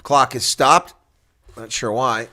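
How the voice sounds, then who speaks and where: A man giving live reaction commentary on a rugby match, chatting to viewers and getting loudly excited on big plays. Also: medium pitch, slow pace. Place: home setup streaming a reaction broadcast.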